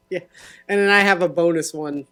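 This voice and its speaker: A man's voice: on the high side, smooth. A man co-hosting a podcast, chatting casually and easily agreeing with his partner. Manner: relaxed, agreeable, lots of mm-hmms. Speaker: podcast co-host. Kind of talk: casual chat.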